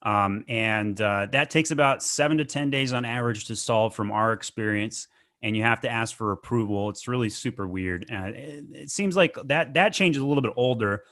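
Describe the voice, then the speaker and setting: Man podcast host, mid pitch, dry close mic, casual and direct. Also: fairly bright tone, no echo. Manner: conversational, clears throat, quick asides.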